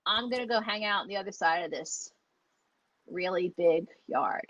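A woman's voice: on the low side, normal speed, a bit bright, no room sound. A woman voicing an easygoing male doodle dog who agrees to leave, in a breezy, agreeable way. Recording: dull lo-fi audio.

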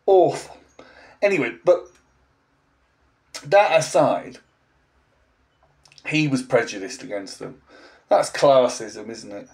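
A man's voice: medium pitch, very animated, takes it slowly, long pauses. A man in his forties, a language teacher, ranting in a blunt, sarcastic vlog monologue with an English accent. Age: 40s.

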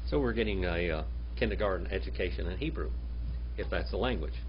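A man teaching a Bible language class, quizzing his students and reading Hebrew words out slowly. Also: low-pitched, animated. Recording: dull lo-fi classroom recording with faint hum.

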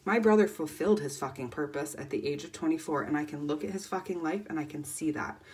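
A woman in her thirties on a motivational livestream, talking fervently and swearing constantly, swinging between loud emphasis and near-whispers. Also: low-pitched, quick pace. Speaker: life coach.

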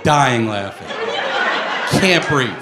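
A male stand-up comedian from the United States, telling a crude, animated story on a comedy club stage into a handheld mic. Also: mid-range voice, slow pace, a loud crowd, very noisy. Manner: animated storytelling, crude jokes, bursts into shouted voices. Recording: live club recording, roomy, loud audience laughter.

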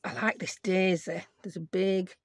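A middle-aged woman hosts a chatty crafting tutorial, rambling and poking fun at herself as she talks to herself while working. Her voice sits on the low side, with fairly even intonation and a measured pace. There's no room sound.

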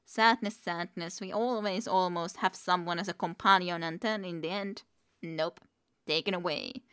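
A woman's voice: lowish voice, steady tone, moderate pace, fairly bright tone, clear, resonant tone. A woman streamer reading a book aloud, with wry, chatty asides.

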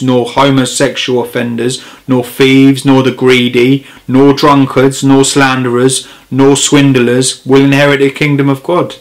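Male preacher, mid-pitched voice, earnest and emphatic, informal sermon with scripture. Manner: earnest, grows impassioned and emphatic.

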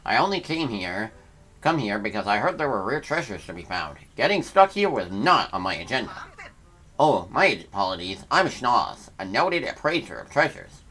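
A man's voice: lowish voice, very animated, moderate pace, pushed and bright, exaggerated voice. A man voicing a fussy male alien treasure appraiser with a put-on accent, speaking formally and politely. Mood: flustered.

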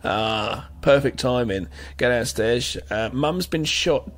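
A man's voice: mid-range voice, takes it slowly, fairly bright tone. An English man co-hosting a podcast, chatting casually about a film in a rambling, hesitant way full of fillers. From England. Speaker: podcast co-host.

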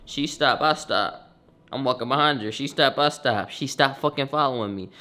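A young man, a streamer, telling a story in a slangy, profane, animated way, getting loud on the punchlines. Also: medium pitch, moderate pace. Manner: swears often, slangy, bursts loud on punchlines.

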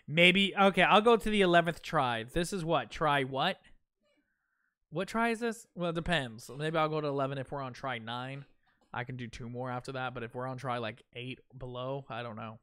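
A man's voice: fairly high pitch, normal speed, bright, forceful tone. A man chatting through a live gameplay stream, joking at himself and muttering the same phrases over and over. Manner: chatty, self-mocking, repeats phrases under his breath. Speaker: game streamer.

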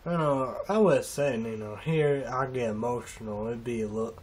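A man rambling through a halting, emotional monologue in a casual vlog, trailing off and restarting often. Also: mid-range voice, darkish tone. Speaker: vlogger.

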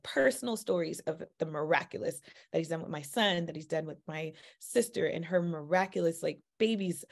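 A woman telling a personal faith story in a chatty, animated way, with sudden jumps in pitch and speed and plenty of "like" and "you know.". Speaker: mother sharing a personal testimony. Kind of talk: casual faith testimony storytelling.

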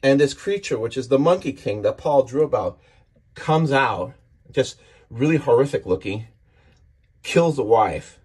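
A man with a husky, somewhat breathy voice in a middle register talks through a comic book page by page. He is eager and rambling, and he often trips over his words and starts his sentences again. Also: medium pitch, lively intonation, unhurried, darkish tone. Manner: enthusiastic, rambling with restarts. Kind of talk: casual comic book walkthrough.

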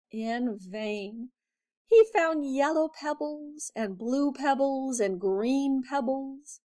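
A woman teacher reading a children's picture book aloud with expressive storytelling. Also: fairly high pitch.

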